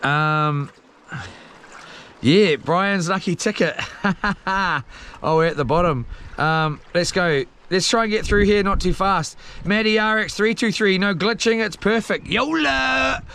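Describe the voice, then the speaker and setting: A young New Zealand man livestreams from a small boat at sea, reading viewer comments in a laid-back, slangy, rambling style full of fillers. His voice sits high and is a little slow, fairly bright, and smooth.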